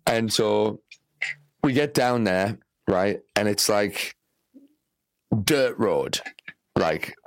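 A man's voice: lowish voice, expressive, extremely slow, long pauses, dry recording, rough recording. A young Australian man, a comedian, telling a rambling, profane story full of "like" fillers. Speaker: comedian guest. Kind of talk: casual storytelling chat.

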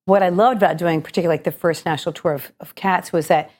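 A middle-aged woman who works as a stage actress and cabaret singer, a guest on a radio show. Her fairly low voice carries a slight gravel today, and she talks in a chatty, reflective way, often starting sentences over. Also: steady tone, fast talker, darkish tone. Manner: chatty, reflective storytelling with frequent restarts. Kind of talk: radio interview.

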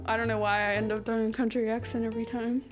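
A woman's voice: a little high, level tone, quick pace, faint music behind. A young woman co-hosting a casual history podcast, reading from her notes with jokey asides and giggles. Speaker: podcast co-host.

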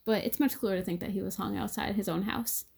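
Relaxed woman co-hosting a podcast. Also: medium pitch, quick pace, gravelly, husky. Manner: relaxed, filler-heavy, laughing easily. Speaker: podcast co-host. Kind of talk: casual podcast chat.

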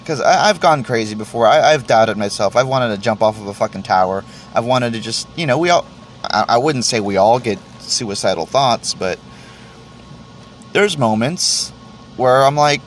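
Podcast host, male, mid-pitch, stumbling rambling vent with heavy swearing, faint air-con hum. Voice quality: stammering, restarts phrases often, swears freely. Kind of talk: solo podcast monologue, venting.

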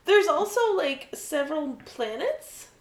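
Woman, very high voice, slow-paced, giggly teasing chat, echoey room. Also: very animated. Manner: giggly, teasing, jokey asides. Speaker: podcast co-host. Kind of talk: casual chat.

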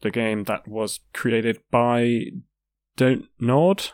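Male co-host, mid pitch, dry close-miked sound, casual and joking. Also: extremely slow, smooth, dry recording. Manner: relaxed, joking, unsure on names. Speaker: podcast co-host. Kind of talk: casual chat.

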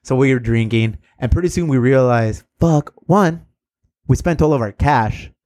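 A man's voice: mid-range voice, normal speed, darkish tone. A man in his thirties, co-hosting a podcast, telling rowdy stories with laughs, swearing and Spanish slang. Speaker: podcast co-host. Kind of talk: casual storytelling chat.

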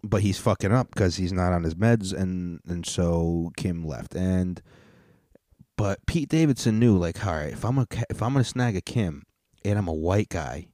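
A man with a lowish, mellow voice rants through a casual comedy podcast, cursing freely and rambling from one thought to the next. He is recorded close and dry. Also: dry recording. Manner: profane, rambling, with frequent restarts. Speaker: podcast host.

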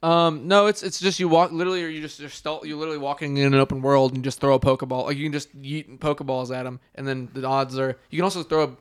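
A young man rattles through a casual chat at a quick clip, his voice clean and clear. He rambles through long explanations, leaning on fillers as he goes. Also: on the high side, flat delivery.

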